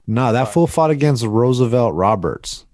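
A man's voice: medium pitch, animated, moderate pace, darkish tone, no echo. A man co-hosting a casual podcast, slangy and playful, often hesitating with fillers. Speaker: podcast co-host. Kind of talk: casual chat.

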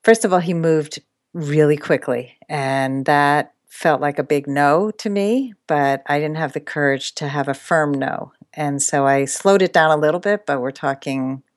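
Low-voiced woman telling stories animatedly. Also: unhurried, no room sound, studio quality. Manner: animated, laughs often, expressive pitch swings. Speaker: guest, dating coach. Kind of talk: interview storytelling.

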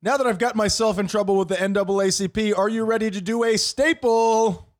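A young man co-hosting a comedy podcast, joking in a lively sing-song way. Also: high voice, a little fast. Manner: jokey, animated, sing-song delivery. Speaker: podcast co-host. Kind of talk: casual comedic podcast banter.

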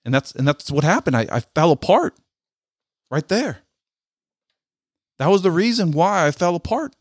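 Earnest middle-aged veteran telling a story. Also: male voice, fairly high pitch, sing-song, no echo, clean studio sound. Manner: earnest, halting, repeats words as he tells it. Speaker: military veteran. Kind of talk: personal storytelling monologue.

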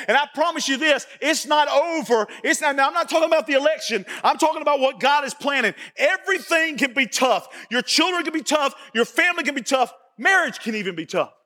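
A male pastor preaching a sermon, folksy and repetitive, building to shouts. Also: very high voice, expressive, fairly quick, hardly any pauses, long reverb tail. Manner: folksy, repeats phrases, rises to shouting. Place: church sanctuary.

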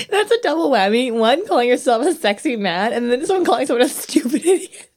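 A woman's voice: fairly high pitch, lively intonation, fairly quick, darkish tone. A young woman co-hosting a podcast, telling stories in casual chat, laughing often and swearing freely. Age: young adult. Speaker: podcast co-host.

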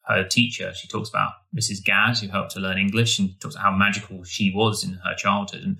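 A male podcast co-host who talks quickly and enthusiastically, circling back and restarting his sentences. His voice is bright and a little low. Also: little pitch movement, gravelly. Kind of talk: casual podcast chat.

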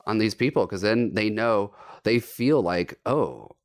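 A young man from the Los Angeles area, a podcast guest chatting casually, animated and quick to laugh, swearing freely. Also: lowish voice, smooth. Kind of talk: casual chat.

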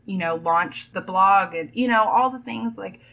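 A woman's voice: medium pitch, a little slow, creaky, lo-fi sound. A young adult woman chatting casually on a podcast, telling stories and acting out quotes. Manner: chatty storyteller, acts out quotes. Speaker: home decor blogger, podcast guest.

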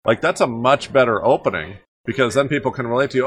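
A man's voice: mid-range voice, fast talker, a bit bright. A man who coaches speakers, guest on a podcast interview, talking emphatically and repeating phrases for effect.

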